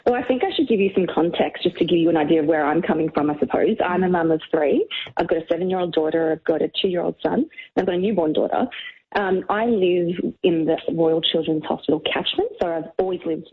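A woman in her thirties calls in on a phone line, talking quickly in a husky, lowish voice. She explains things fluently and at length. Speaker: caller.

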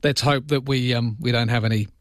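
An Australian man hosting an overnight talkback radio show, chatting warmly with callers and calling them his friend. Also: mid-range voice, steady tone, a little fast, no echo, studio quality. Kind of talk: late-night talkback radio chat. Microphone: studio microphone.

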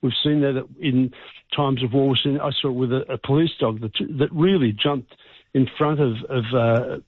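A man's voice: medium pitch, fairly even intonation, normal speed, dry recording. A male vet, explaining earnestly and emphatically over the phone. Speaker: vet expert guest. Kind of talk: phone interview. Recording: tinny phone line.

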